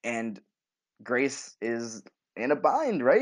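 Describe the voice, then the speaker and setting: Guy gushing about a tv episode, goes high when he quotes people, casual podcast. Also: moderate pace. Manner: excitable, acts out scenes in high voices. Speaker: podcast co-host. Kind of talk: casual TV recap chat.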